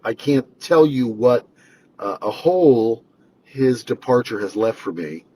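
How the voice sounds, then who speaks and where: A man's voice: medium pitch, lively intonation, a little slow, warm tone, slightly rough, low-quality recording. A man, a singer-songwriter and radio host, speaking a conversational, reflective tribute with fillers. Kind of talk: spoken tribute.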